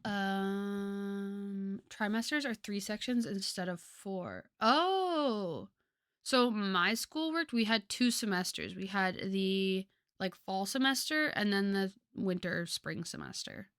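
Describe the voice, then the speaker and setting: A woman's voice: medium pitch, slow pace, smooth, no echo, studio quality. A woman in her twenties chatting casually with viewers as a streamer, chatty with lots of fillers. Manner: chatty, lively, filler-heavy.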